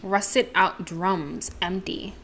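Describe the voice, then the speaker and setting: A woman playing a game, reading its descriptions aloud and thinking through puzzles out loud. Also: on the low side, steady tone, very slow, slight background noise. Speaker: let's play gamer. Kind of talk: reading game text and commentary. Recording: game music behind. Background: game music.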